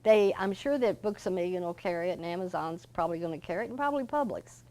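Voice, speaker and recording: Older woman, author guest, folksy and animated storyteller. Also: on the low side, fast. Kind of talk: interview storytelling.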